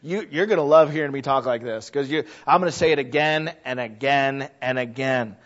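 A middle-aged male pastor preaching a sermon in a church, talking conversationally and building to loud exhortation. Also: medium pitch, a little fast. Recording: dull lo-fi recording.

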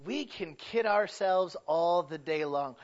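A middle-aged man preaching a sermon, swinging from loud to hushed. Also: sits high, slow pace, dull audio. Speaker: pastor.

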